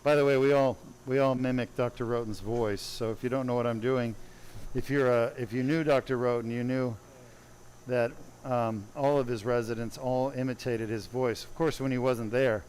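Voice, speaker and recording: Man, neurosurgeon, conversational storytelling, digressive asides, mid pitch, faint background noise. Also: fairly even intonation, normal speed, darkish tone, rough recording. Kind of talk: storytelling on a livestream.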